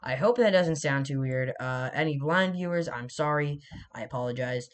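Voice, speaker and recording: A man's voice: mid-range voice, moderate pace. A young man giving casual, rambling commentary while drawing a map, often correcting himself and joking. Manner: rambling, self-correcting, jokey asides. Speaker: mapping video creator.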